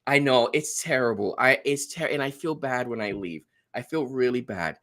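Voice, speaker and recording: Guest, male, snarky deadpan storyteller, animated pitch. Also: normal speed, few pauses. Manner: dry, sarcastic storyteller. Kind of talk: casual chat.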